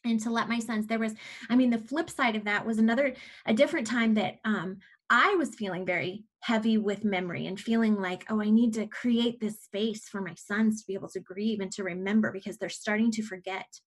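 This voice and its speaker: A woman's voice: medium pitch, brisk. A woman in her forties, a podcast guest, telling a personal story in a candid, reflective way with frequent restarts.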